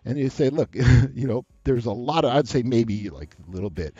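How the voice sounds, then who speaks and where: A man giving dating advice in a loose, rambling monologue, animated and full of asides. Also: mid-range voice, moderate pace, slightly rough, no echo. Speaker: dating coach. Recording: dull lo-fi sound.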